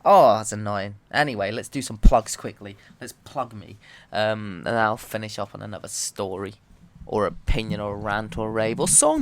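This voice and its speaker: A man, a comedian and podcast host, delivering a loud, swearing, animated comedic rant. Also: on the low side, normal speed. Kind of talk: ranting comedic monologue.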